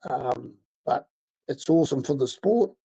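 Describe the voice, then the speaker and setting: A middle-aged man, a racing driver talking haltingly in a casual interview. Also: medium pitch, lively intonation, gravelly, warm tone, breathy edge. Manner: halting, many fillers and restarts. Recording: dull lo-fi sound.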